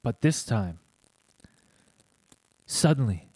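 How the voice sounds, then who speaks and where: A man's voice: medium pitch, expressive, takes it slowly, a little mellow, dry recording. Young male co-host, playful reader, dry recording. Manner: jokey, hams up animal noises. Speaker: podcast co-host. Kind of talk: casual chat, reading a report aloud.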